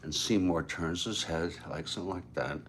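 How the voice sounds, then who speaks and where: A man casually retelling a story aloud, unhurried, with frequent fillers and asides. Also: sits low, fairly bright tone, slight background noise.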